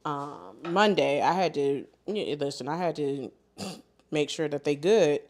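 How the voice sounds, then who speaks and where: Lively low-voiced woman storyteller. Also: a little slow. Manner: animated, colloquial storytelling, laughing often. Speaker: host of a live sewing stream. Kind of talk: casual chat while sewing live.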